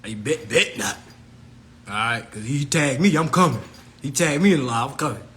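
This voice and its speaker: A man hosting his own consumer advice channel, telling a story to his viewers in a loose, excitable rant that swings from shouting to muttering, with frequent laughs. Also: mid-range voice, moderate pace.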